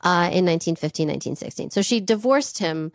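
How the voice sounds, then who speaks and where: A woman co-hosting a podcast, telling a story in casual, animated chat and swearing freely. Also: on the low side, fast talker, no echo, studio quality. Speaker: podcast co-host.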